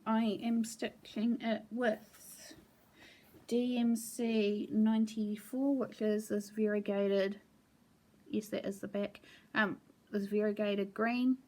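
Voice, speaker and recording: A woman casually showing her cross-stitch projects at home, rambling with frequent ums. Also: medium pitch. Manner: relaxed, meandering, with frequent ums. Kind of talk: casual show-and-tell chat.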